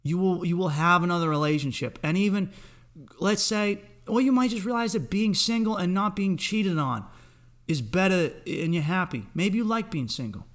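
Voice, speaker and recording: A young man hosting a podcast, delivering a rambling, profane comic pep talk straight at the listener. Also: high-pitched. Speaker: podcast host.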